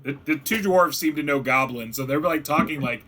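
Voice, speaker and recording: A man's voice: fairly high pitch, normal speed. A man narrating a tabletop game as game master, casual and chatty, over voice chat. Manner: casual, chatty, acts out goblin shouts.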